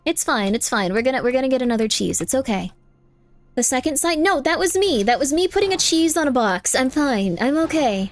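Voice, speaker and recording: Young woman, game streamer, bright higher voice, chatty, repetitive, bursts of yelling. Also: big pitch swings, fairly quick, dry recording, faint music behind. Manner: chatty, repeats phrases, bursts of exasperated yelling. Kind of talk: live game stream chat.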